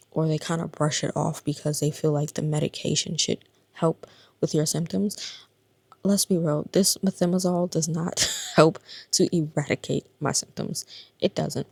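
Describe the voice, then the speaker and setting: A woman's voice: sits low, a little mellow, no room sound. A woman in her thirties talking casually to her vlog audience, exhausted and in pain, tired and confiding, sometimes sinking to a whisper. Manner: tired, subdued and confiding, drifting into breathy whispers. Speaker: vlogger. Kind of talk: casual personal vlog talk.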